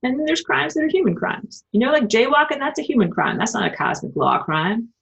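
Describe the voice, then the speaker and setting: A woman's voice: on the high side, sing-song, brisk, gravelly, a bit bright, slightly rough. A woman giving an emphatic, profane, rambling spiritual livestream monologue and answering viewer comments. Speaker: spiritual vlogger.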